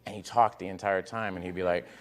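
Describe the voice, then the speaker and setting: A man telling animated anecdotes. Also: low-pitched, fast. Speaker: talk show guest. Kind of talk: storytelling on a talk show. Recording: noisy talk show clip.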